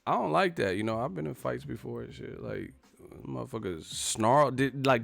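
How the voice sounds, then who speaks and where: A man hosting a live stream, profane and animated, acting out the people he talks about. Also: medium pitch, a little fast, vocal fry, dry recording. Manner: profane, animated, acts out quotes. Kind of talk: casual live-stream commentary.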